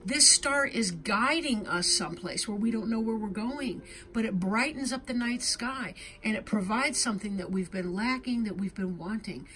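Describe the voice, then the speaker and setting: A woman's voice: mid-range voice, moderate pace, few pauses, sharp tone, soft background music. A woman giving an intuitive tarot reading to her viewers, talking in an earnest, heartfelt way and often checking in with "right?". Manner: earnest, emotional, tag questions like "right?". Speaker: tarot reader.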